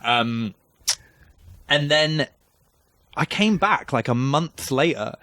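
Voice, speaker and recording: A man's voice: medium pitch, expressive, slow, pushed and bright. A young man co-hosting a casual chat, rambling through a story with restarts and fillers. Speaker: podcast co-host.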